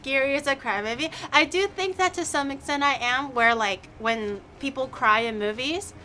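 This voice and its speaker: A woman streamer in casual chat, animated and laughing often, acting out quotes in a raised voice. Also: sits high, normal speed, a little hiss or hum.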